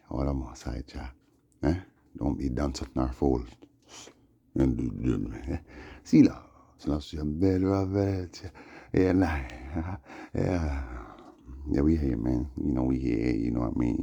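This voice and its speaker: A man's voice: extremely low pitch, gravelly, mellow, husky. A man, talking in a rambling monologue that slides between chanted praise and loose storytelling, with "you know what I'm saying" coming up again and again. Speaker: vlogger. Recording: dull lo-fi recording.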